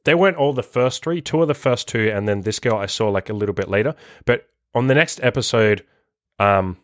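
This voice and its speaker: A man's voice: fairly low pitch, a little fast, no echo, studio quality. A young man and dating coach telling a story in a casual monologue, loose and profane, full of fillers and restarts.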